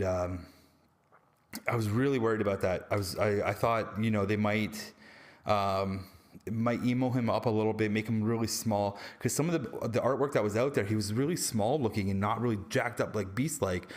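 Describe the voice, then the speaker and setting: Rambling man reviewing movies. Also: on the low side. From Canada. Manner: rambling, slangy and jokey, with lots of restarts. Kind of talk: casual movie review vlog.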